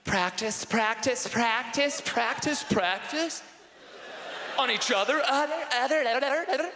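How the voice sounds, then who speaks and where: A man voicing giggly young college women in a dorm, high-pitched and gushing. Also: a little slow, bright, forceful tone, a little hiss or hum, full character voice. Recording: echoey hall, live stage.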